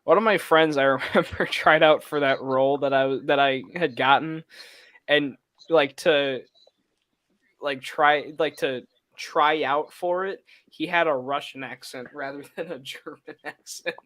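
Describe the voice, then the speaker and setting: A young man talks in a relaxed, rambling way, full of fillers and frequent laughter. His voice sits a little high for a man. He sounds like a friend chatting during a movie watch-along. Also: unhurried. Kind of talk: casual chat.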